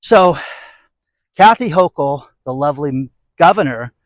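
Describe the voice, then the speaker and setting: A man's voice: a little high, expressive, measured pace, no echo. A middle-aged man delivering an opinionated, sarcastic commentary rant as a vlogger. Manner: sarcastic, ranting, mocking.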